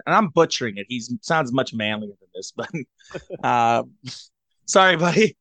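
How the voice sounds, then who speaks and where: A man from Cleveland chatting as a podcast co-host, telling a rambling, self-mocking story into a headset boom mic. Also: animated, normal speed, long pauses, pushed and bright, no room sound. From Cleveland, USA. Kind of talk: casual storytelling chat.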